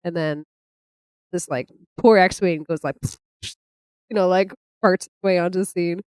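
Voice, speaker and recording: A woman's voice: fairly low pitch, unhurried, clear, resonant tone, no room sound. Brief: woman podcast co-host, casual storytelling, acts out quotes, dry close sound. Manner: animated, laughs often, acts out quotes. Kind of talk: casual chat retelling a comic.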